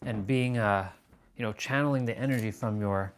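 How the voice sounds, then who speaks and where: A man chats on a livestream, telling his story with animation. He turns to his viewers between anecdotes and answers their comments in a relaxed, conversational way. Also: on the low side, moderate pace, a little hiss or hum. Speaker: livestream host. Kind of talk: casual livestream chat.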